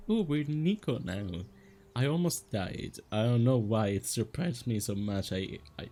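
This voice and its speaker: A man's voice: medium pitch, animated, slow pace, long pauses, darkish tone, soft background music. A man giving chatty let's-play commentary over a game, laughing often. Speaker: gaming streamer.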